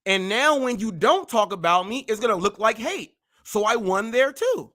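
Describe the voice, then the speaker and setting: Boastful high-voiced man trash-talking. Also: very animated, bright, forceful tone. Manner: boastful, trash-talking, rapid-fire wordplay. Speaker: host. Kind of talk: live-stream rant.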